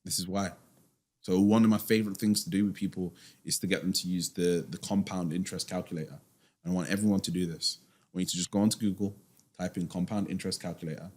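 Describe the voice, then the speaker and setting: A man's voice: sits low, fairly even intonation, fast talker, darkish tone. A man, a finance guest in a casual podcast interview, talking emphatically and firing off rhetorical questions in a slangy way.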